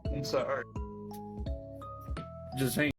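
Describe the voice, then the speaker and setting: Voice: mid-range voice, flat delivery, slow, music in the background. A person in a played online video, talking casually while filming a silly test.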